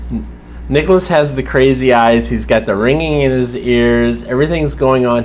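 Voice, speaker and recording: A man's voice: mid-range voice, slight background noise. A man casually recapping a TV episode in a sarcastic, wry way, swearing now and then.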